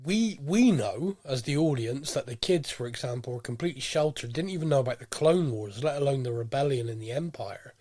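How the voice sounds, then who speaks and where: A man's voice: mid-range voice, animated, a little fast, few pauses, a little mellow, no echo, studio quality. A man hosting a podcast, chatting casually and a little nasal from a cold. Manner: chatty, rambling with fillers. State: head cold, a bit nasal. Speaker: podcast host. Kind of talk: casual chat.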